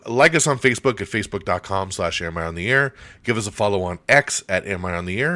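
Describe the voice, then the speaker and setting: A man's voice: on the low side, pushed and bright, no echo. A man hosting a casual entertainment news podcast in a chatty, upbeat way, his voice getting scratchy. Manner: chatty, upbeat sign-off, many fillers. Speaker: podcast host.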